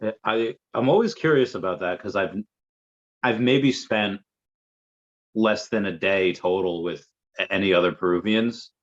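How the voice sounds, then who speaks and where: A man's voice: fairly low pitch, unhurried. A man talking as an interview guest, chatty and rambling, with lots of fillers. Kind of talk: casual conversation. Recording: muffled lo-fi audio.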